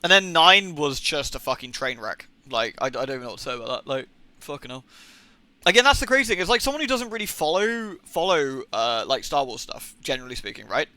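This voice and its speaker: Bright-voiced, profane male game streamer. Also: fairly high pitch, big pitch swings, fairly quick, no room sound. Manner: rambling and profane, incredulous rants. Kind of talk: casual live gaming stream chatter.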